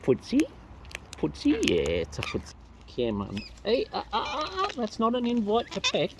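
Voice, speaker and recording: A woman outdoors chatting playfully to wild birds, her greetings jumping into squeaky high hellos, recorded on a phone. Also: huge pitch swings, normal speed, background noise. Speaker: vlogger feeding wild birds. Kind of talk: casual chat to birds. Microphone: phone camera.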